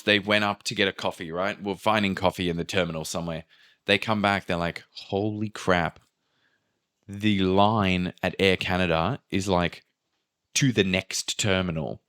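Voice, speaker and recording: A man telling a travel story in casual podcast chat, swearing freely and acting out quotes with sudden pitch jumps. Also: a bit bright.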